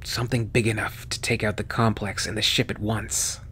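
A man's voice: lowish voice, little pitch movement, normal speed, sharp tone, a little hiss or hum. A man doing a sick, coughing pilot. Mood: weak earnest. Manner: strained, breathless speech.

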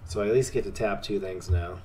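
Low-voiced man muttering over a card game. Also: quick pace, slight background noise. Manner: talks to opponent, swings between excited and muttering. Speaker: streamer playing a card game. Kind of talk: casual gameplay commentary.

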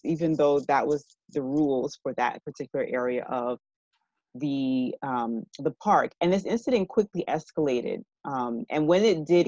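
A woman giving an evening university lecture in a measured, explanatory way, often checking in with her listeners. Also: low voice, warm tone, no echo, dull audio.

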